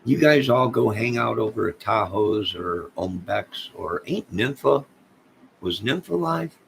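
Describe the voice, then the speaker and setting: A man's voice: sits low, vocal fry, slight background noise, rough recording. A man streaming live late at night, rambling in a conspiratorial way and talking straight to his chat.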